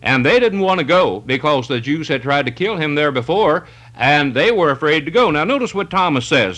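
Bright-voiced, fervent male preacher. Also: a little high, sing-song, normal speed. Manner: fervent, emphatic preaching with scripture readings. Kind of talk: sermon.

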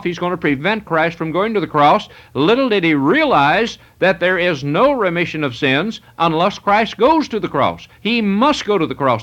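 Male preacher, emphatic and repetitive, slightly higher voice, dull lo-fi tape. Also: a bit bright. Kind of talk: sermon. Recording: muffled lo-fi recording.

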